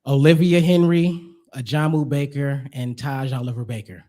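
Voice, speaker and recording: A man's voice: mid-range voice, steady tone, normal speed, mellow. A man performing spoken word as a guest speaker at a church service, rhythmic and emphatic, with casual slang. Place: church sanctuary.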